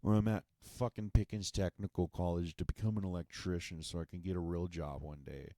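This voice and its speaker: A man's voice: low-pitched, mellow, dry recording, clean studio sound. A man hosting a podcast, telling a sarcastic, profane and exasperated comedic monologue. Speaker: podcast host.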